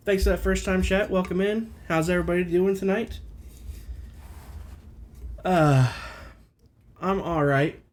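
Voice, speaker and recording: A man chatting casually with his live-stream viewers from his computer at home, rambling and self-deprecating. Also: a little high.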